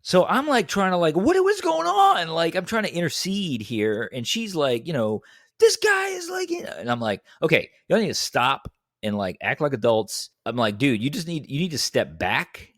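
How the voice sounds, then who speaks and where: A young man in a casual podcast chat, telling a story in an animated way and acting out quotes in a higher voice. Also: moderate pace, few pauses, no room sound, clean studio sound. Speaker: podcast co-host.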